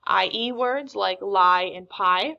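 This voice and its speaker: A woman teaching a recorded phonics lesson, reading words slowly and deliberately. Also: mid-range voice, vocal fry, pushed and bright, dull audio. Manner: slow, deliberate word-by-word reading.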